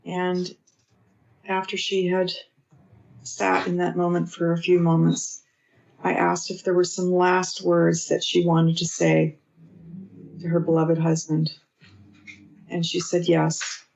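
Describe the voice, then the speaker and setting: A woman grief therapist and author, calmly recounting a therapy session with gentle, measured storytelling. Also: on the low side, gravelly, lo-fi sound. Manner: calm, measured storytelling with gentle quoted dialogue.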